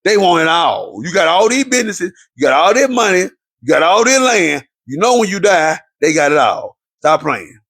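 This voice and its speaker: A man's voice: high-pitched, big pitch swings, normal speed, a bit bright. A man, giving an impassioned, preachy monologue to viewers about relationships, repeating his points for emphasis. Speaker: relationship commentator.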